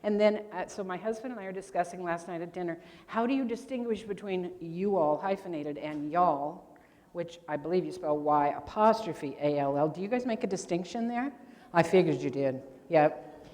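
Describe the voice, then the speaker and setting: A woman's voice: fairly low pitch, moderate pace, darkish tone. An older woman presenting grammar at a convention workshop, chatty and quizzing her audience with questions. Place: large convention hall. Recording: long hall reverb.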